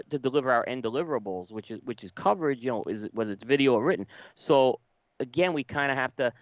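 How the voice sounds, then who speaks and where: A male podcast co-host speaks casually and emphatically in a casual chat. His voice is medium-pitched with no room sound, and the recording has a dull lo-fi quality.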